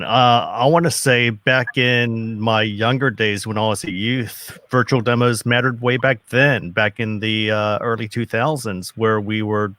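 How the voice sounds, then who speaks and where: A man's voice: mid-range voice, fairly bright tone, no echo. A middle-aged man on a video call panel, talking in an enthusiastic, folksy way. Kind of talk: casual panel chat.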